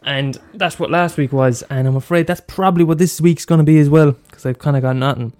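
A man's voice: a little high, brisk, a little mellow. Rambling, swearing man podcasting. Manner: loose and profane, many fillers and restarts. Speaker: podcast host. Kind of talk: rambling solo podcast chat.

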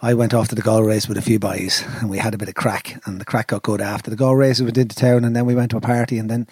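A middle-aged Irish man telling a rambling, animated, sweary story in a casual chat. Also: on the low side, racing, breathy edge, dry recording. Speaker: podcast storyteller.

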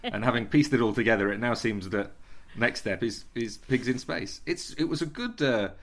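A man's voice: medium pitch, normal speed, a bit bright, slight background noise. A man guesting on a comedy podcast, answering in a hesitant, rambling way with lots of restarts. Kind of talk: casual comic banter.

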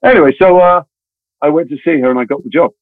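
A middle-aged actor telling anecdotes as a guest, chatty, with many restarts and wry asides. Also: male voice, fairly high pitch, fast, no echo. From England. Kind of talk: anecdotal interview storytelling. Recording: tinny phone-like dry sound.

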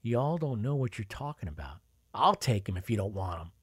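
A man's voice: lowish voice, sing-song, moderate pace, slightly rough, no echo, studio quality. A man voicing a proud, sly older Southern woman with a Southern accent, boasting as she reminisces. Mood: teasing.

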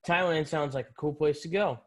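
A man's voice: a little high, a little fast. A man who is a guest in a casual interview, giving easygoing and thoughtful answers.

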